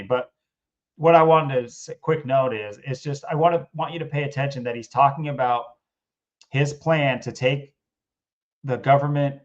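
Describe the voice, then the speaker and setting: A man's voice: mid-range voice, muffled recording. A man co-hosting a podcast, riffing casually and sarcastically on a video clip with an amused, rambling delivery full of restarts. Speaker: podcast co-host. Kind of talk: casual commentary reacting to a video.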